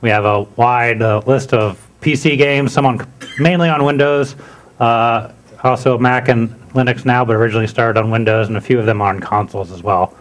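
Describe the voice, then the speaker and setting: A man giving a conference talk, relaxed, with frequent "uh" fillers and restarts. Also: medium pitch, normal speed. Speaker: conference speaker. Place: conference room.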